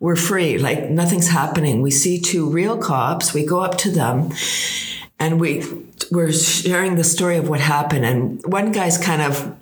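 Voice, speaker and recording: A Canadian woman telling an animated travel story as an interview guest, acting out the quotes with gasps and laughs. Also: low voice, a little slow, reverberant. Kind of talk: casual storytelling.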